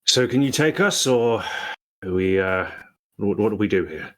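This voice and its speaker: A man playing a tabletop game, relaxed and a little hesitant. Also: on the low side, measured pace. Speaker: player. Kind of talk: casual tabletop play.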